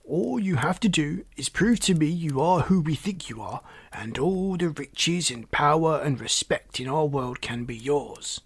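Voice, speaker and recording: A man voicing a rude, pompous male frog alien in a storybook reading, slow and sneering. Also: on the high side, expressive, husky, dry recording, heavily acted. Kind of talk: storybook character voice.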